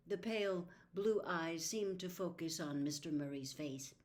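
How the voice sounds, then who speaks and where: A woman narrating a novel aloud in an expressive storytelling manner. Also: lowish voice, a little slow. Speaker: reader. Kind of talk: audiobook narration.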